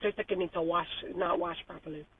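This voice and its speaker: A woman's voice: fairly low pitch, steady tone, fast, distant mic, very noisy. A woman chatting animatedly on a car vlog, repeating herself and laughing often. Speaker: vlogger. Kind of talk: casual car vlog chat. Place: car in traffic. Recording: tinny phone-like sound from off mic.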